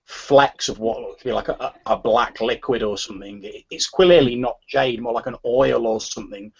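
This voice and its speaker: Man, game master, husky voice, hedging restarts, dull lo-fi sound. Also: medium pitch, steady tone, normal speed. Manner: hesitant, full of "sort of" and restarts. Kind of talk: narrating a tabletop game.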